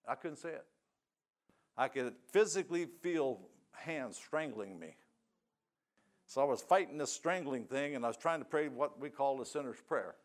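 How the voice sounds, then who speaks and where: A man's voice: medium pitch, normal speed. An older man giving a sermon testimony, telling his story in a folksy, plain-spoken way. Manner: folksy storytelling with rural grammar.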